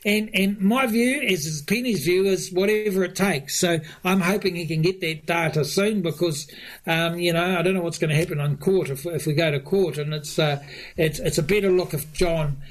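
A man, a government minister answering interview questions, halting with many fillers and restarts and chuckling often. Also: sits high. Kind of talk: radio interview guest.

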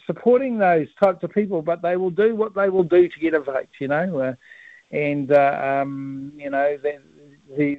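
A New Zealand man, a politician and campaign director, joins a radio interview over a tinny, dry phone line. His voice is fairly high for a man, and he rambles, laughs a lot, and fills pauses with ums and uhs. The recording is dry.

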